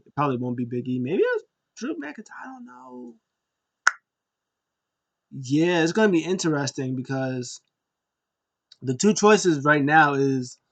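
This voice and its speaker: A man giving a casual, excitable recap of a wrestling show, acting out scenes in raised voices. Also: medium pitch.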